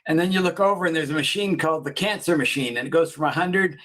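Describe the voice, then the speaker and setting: Man, fairly high voice, casual co-host, rambling, laughs a lot, acts out the lines. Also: quick pace, a bit bright. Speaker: podcast co-host. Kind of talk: casual chat, retelling a comedy show.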